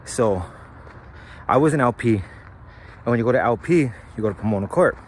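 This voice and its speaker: At a normal speed and in an expressive mid-range voice, a man from the San Gabriel Valley, California spins a casual story about his life. The telling is easygoing and rambling, with plenty of slang and cursing, over slight background noise.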